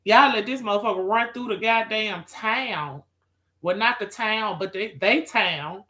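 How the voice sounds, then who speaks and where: A woman's voice: medium pitch, measured pace, bright, forceful tone. A woman chatting with viewers on a live stream, sassy and profane, calling people girl, child and honey. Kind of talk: casual live-stream chat.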